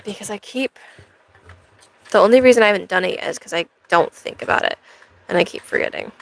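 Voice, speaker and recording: A woman's voice: medium pitch, brisk, gravelly, a little hiss or hum, poor audio. A young American woman live streaming, chatting in a rambling way to her viewers. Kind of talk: casual chat to a live stream audience.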